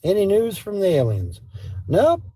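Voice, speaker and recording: A man's voice: a little high, animated, normal speed, dark tone, breathy edge, no room sound. A man chatting casually on a live stream, rambling and talking to his dog between comments. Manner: rambling, talks baby talk to his dog. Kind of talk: casual livestream chat. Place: home with a dog.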